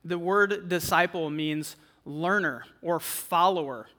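A man's voice: on the high side, slow, sharp tone. A man giving a casual, conversational sermon to students as a campus ministry speaker, often tossing in "like" and "right?". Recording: echoey hall.

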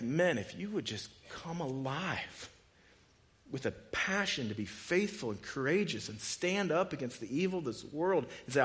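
A man preaching a sermon as pastor, moving from quiet conversational asides to loud, impassioned rhetorical questions. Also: medium pitch.

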